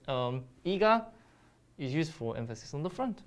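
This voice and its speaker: A woman's voice: low voice, sing-song, brisk. A woman with a Korean accent teaching a Korean grammar lesson in English, explaining step by step with frequent ums and restarts.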